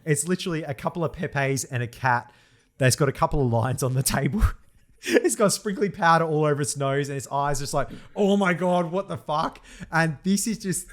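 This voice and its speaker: A man's voice: fairly high pitch, fairly quick. Laughing man on a podcast. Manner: laughs often, animated, says "mate" a lot. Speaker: podcast co-host. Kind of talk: casual chat.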